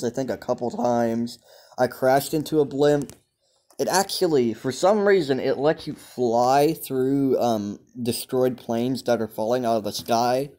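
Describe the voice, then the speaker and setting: A man's voice: mid-range voice, warm tone. A young man hosts his own gaming video, commenting casually as he plays. He rambles and restarts often, sprinkling ums between thoughts, in a plain mid-range voice. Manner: chatty, rambling, many ums. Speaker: gaming channel host.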